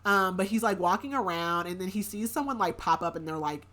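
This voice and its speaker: A woman's voice: lowish voice, a little fast, a bit bright. Rambling woman recapping a plot. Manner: rambling, heavy use of filler words. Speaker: book podcast host.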